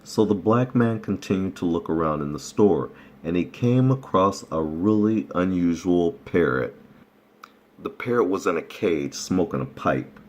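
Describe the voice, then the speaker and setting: A man casually reading folk tales aloud, relaxed and chuckling at his own jokes. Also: low voice, measured pace, a little hiss or hum. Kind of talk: casual read-aloud storytelling.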